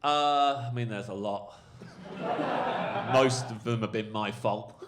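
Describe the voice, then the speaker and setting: A male comedian telling a rambling, animated anecdote on a podcast, full of fillers. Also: mid-range voice, slow, very noisy. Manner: rambling, animated storytelling, lots of fillers and swearing. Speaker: comedian guest.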